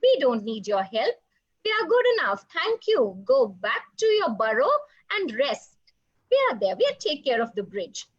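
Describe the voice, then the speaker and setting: A woman's voice: high voice, sing-song, unhurried, slightly rough, muffled recording, full character voice. A woman voicing a bossy male monkey in a children's story, scolding and impatient.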